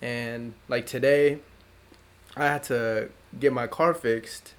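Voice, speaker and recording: A man's voice: steady tone, slow, smooth. Laid-back young man telling a story. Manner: laid-back slang, acts out his dad in a higher voice. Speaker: podcast co-host. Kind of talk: casual chat.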